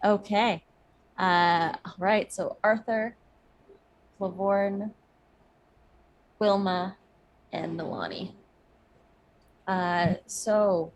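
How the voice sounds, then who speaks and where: A woman's voice: on the low side, slight background noise, low-quality recording. A woman running a tabletop game as game master, talking with many fillers and hesitations.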